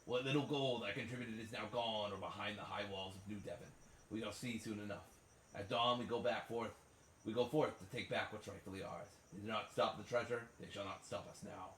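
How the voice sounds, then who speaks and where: A man's voice: lowish voice, fairly even intonation, brisk, fairly bright tone, roomy sound, slight background noise, natural voice. A man reading aloud as a mock pirate writing a farewell journal, in a theatrical pirate accent. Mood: solemn.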